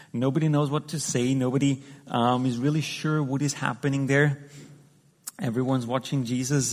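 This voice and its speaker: A man giving a conversational sermon, talking through the scripture with frequent restarts and fillers. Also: mid-range voice. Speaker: preacher. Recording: long hall reverb.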